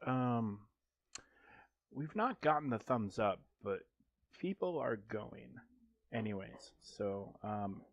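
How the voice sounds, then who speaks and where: Male streamer, lowish voice, casual gameplay chat, rambling, jokey, dry close sound. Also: very animated, slow, pauses often, no echo, highs cut off. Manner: rambling and joking, with frequent ums and restarts. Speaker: game streamer.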